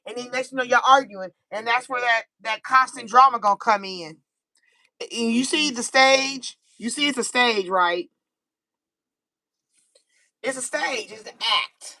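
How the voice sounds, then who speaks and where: An American woman doing a casual live-stream tarot reading, animated and chatty, laughing easily. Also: a little high, unhurried, dry recording, poor audio. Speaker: tarot reader.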